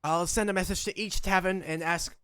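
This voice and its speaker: Man doing a gravelly, fussy gnome official. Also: high voice, fairly even intonation, brisk, a bit bright. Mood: businesslike. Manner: fussy, repeats "yes, yes". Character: small gravelly male gnome official, eager and pompous.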